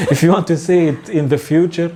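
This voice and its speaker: Mellow-voiced man teaching, unhurried. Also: a little high. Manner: relaxed and halting, with frequent fillers and chuckles. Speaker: Tunisian Arabic teacher. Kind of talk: casual language lesson.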